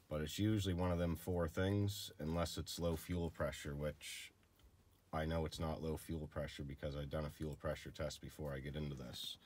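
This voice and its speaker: A man hosting a casual how-to video, explaining a repair in a laid-back, rambling, plain-spoken way. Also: very deep voice. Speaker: channel host showing car diagnostics.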